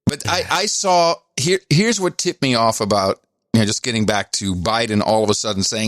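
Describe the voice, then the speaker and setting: A man's voice: fairly low pitch, fairly quick, dry recording, studio quality. A man co-hosting a podcast in casual political chat, teasing and sarcastic as he tells his stories. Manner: teasing, sarcastic, animated storytelling. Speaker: podcast co-host.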